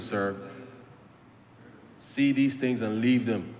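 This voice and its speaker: A man's voice: medium pitch, moderate pace, a little hiss or hum. A Barbadian man giving an impassioned parliamentary speech, repeating phrases and addressing the Speaker as sir. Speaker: member of parliament. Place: parliament chamber. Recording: roomy chamber with long reverb.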